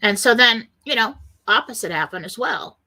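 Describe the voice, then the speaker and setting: Middle-aged woman host, bright clear voice, earnest and meandering, reassuring self-help talk. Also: a little high, animated, normal speed. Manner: earnest, rambling, quotes panicked voices. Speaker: radio show host.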